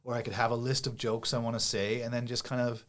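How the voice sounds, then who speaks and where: A comedian guest talking casually on a podcast, rambling with many restarts and lots of "like". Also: male voice, mid-range voice, level tone, quick pace. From Canada. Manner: rambling, heavy use of "like" and restarts.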